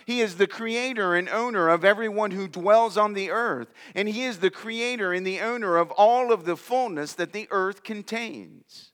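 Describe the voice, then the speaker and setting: A man's voice: high-pitched, normal speed, hardly any pauses, a bit bright, long reverb tail. A man preaching a sermon, reading scripture aloud and speaking with emphatic conviction. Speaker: pastor.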